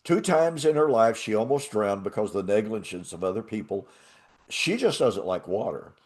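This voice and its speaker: An older man hosting a talk show, telling a travel story in a casual, animated way and laughing often. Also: lowish voice, moderate pace. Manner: animated, laughs often, acts out quoted voices. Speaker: show host.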